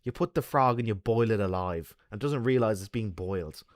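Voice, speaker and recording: A man's voice: lowish voice, fairly quick, no echo, clean studio sound. An Irish man chatting casually with his stream viewers, talkative and rambling. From Ireland.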